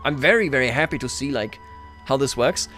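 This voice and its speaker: A man's voice: medium pitch, animated, fairly quick, a bit bright, faint music behind. A man livestreaming a strategy game, talking casually to his chat, self-mocking and chuckling often. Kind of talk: casual gameplay commentary.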